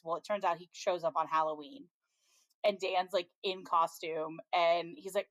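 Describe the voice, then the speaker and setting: A woman co-hosting a podcast, talking on a slightly low pitch. She recaps a TV episode in a loose, chatty way, dropping lots of ums and small laughs along the way. The sound is close and dry, with no room around her. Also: steady tone, fairly quick, no echo. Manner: chatty, frequent ums, laughs while retelling scenes. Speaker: podcast co-host. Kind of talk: casual chat, recapping a TV episode.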